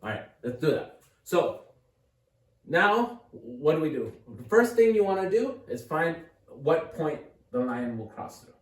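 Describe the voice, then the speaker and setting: Man, math tutor, encouraging, thinks aloud, slightly high voice, distant mic in a roomy space. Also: big pitch swings, measured pace. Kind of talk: casual whiteboard math lesson. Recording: echoey room, mic at a distance.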